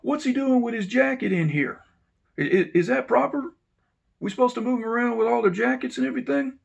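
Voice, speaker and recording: A man voicing a stern male prison warden with a high, strained, heavily accented voice. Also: fairly quick, gravelly, breathy edge, highs cut off, full character voice. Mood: accusing.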